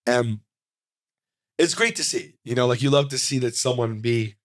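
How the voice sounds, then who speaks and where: A man in his forties, a comedian guest in an interview, telling stories in an animated, rambling way full of fillers and restarts. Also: mid-range voice, normal speed, no echo, clean studio sound. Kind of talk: casual interview storytelling. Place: studio.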